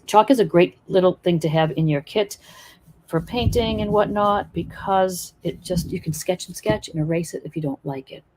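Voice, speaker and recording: A woman's voice: lowish voice, moderate pace, darkish tone, a little hiss or hum. A woman teaching acrylic painting in a live stream, chatting and encouraging while she works. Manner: chatty, encouraging, thinks aloud while working.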